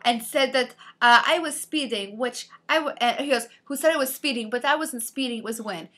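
A woman's voice: on the high side, fairly quick. A woman co-hosting a casual podcast, telling a story and acting out the quoted lines in shifting voices. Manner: animated, acts out quotes with shifting voice. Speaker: podcast co-host.

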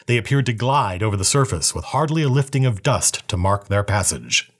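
A man reading a novel aloud with a steady, even storytelling manner. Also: on the low side, brisk, breathy edge.

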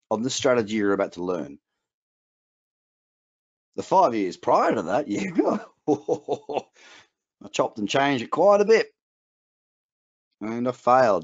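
Aussie guy w a bit of english twang, pumped-up coach talk full of asides, muffled webinar audio. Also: mid-range voice. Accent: Australian with a trace of English. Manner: emphatic, motivational, chatty with asides. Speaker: trading coach. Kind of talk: webinar presentation.

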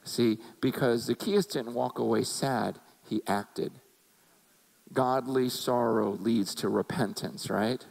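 A man's voice: mid-range voice, slow, creaky, a little mellow, poor audio. A man preaching a sermon as a pastor, conversational and emphatic, acting out quotes as he goes.

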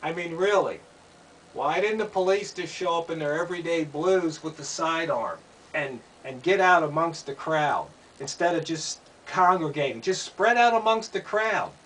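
A man's voice: a little high, animated, normal speed, fairly bright tone. A man giving an opinion monologue, asking pointed rhetorical questions and repeating himself. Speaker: commentator. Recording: distant mic, faint background noise.

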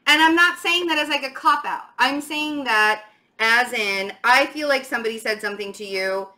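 Woman, tarot reader, bright voice, a bit high, chatty and emphatic. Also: normal speed. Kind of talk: casual tarot reading to camera.

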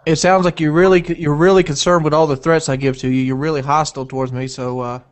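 A man's voice: a little high, little pitch movement, quick pace. A man speaking as a guest on a live show, defiant and lecturing in a heated argument. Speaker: guest in a dispute.

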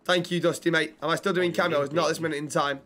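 Male streamer, casual and easygoing, voice sits a little high. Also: fairly even intonation, fast talker, fairly bright tone. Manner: laid-back, chats with viewers, thanks subscribers. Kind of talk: casual gaming chat and roleplay.

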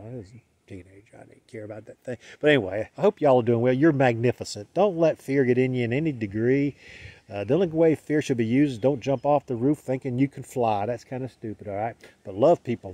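A man's voice: mid-range voice, fairly quick, dark tone, no room sound. A man with a Southern US accent giving a casual, rambling spiritual monologue that restarts itself, with a light chuckle now and then. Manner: rambling, self-correcting, chuckling. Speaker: spiritual vlogger.

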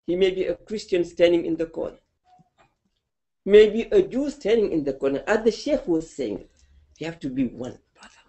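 Male preacher, animated storyteller in a sermon, pitch rising and falling widely. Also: moderate pace.

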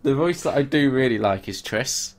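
A man's voice: medium pitch, animated, normal speed. A young man co-hosting a podcast, chatting casually and complaining animatedly, swearing freely. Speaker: podcast co-host. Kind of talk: casual chat.

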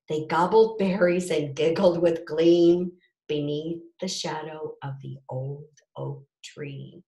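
Lady reading a kids' picture book, slow and lowish, roomy echo. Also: steady tone. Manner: gentle, rhyming read-aloud with asides to children. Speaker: storybook reader.

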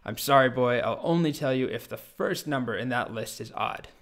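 Grumpy smug dragon a guy puts on, short gruff answers, a bit louder. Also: on the high side, normal speed, lightly acted.

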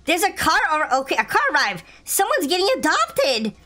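Excitable high-voiced woman gaming. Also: moderate pace. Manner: excitable, laughing, playful. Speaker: gaming video host. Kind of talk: casual gameplay commentary.

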